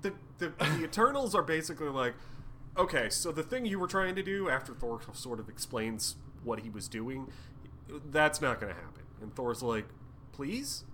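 A man with a bright, forceful voice recaps a comic on a podcast. He drops into quick comic voices for the characters and swears freely. A faint hiss sits under the recording. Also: mid-range voice, expressive. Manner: jokey, acts out characters' lines with crude humor. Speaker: podcast co-host. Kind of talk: casual chat recapping comics.

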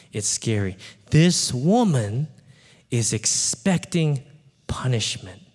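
Lively male preacher in an echoey hall. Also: mid-range voice. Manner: animated, acts out voices, asks the crowd "right?". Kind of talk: sermon with storytelling.

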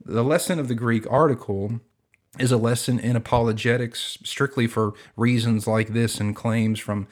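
A man hosting a podcast teaching Bible Greek, earnest and measured, slowing down to quote scripture. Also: medium pitch, steady tone, darkish tone.

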